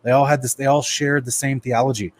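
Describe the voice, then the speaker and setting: A man with a middle-pitched voice delivers a brisk, animated Bible study lecture in a conversational style. Addressing everyone as "guys," he sometimes trips up and restarts while reading from his notes.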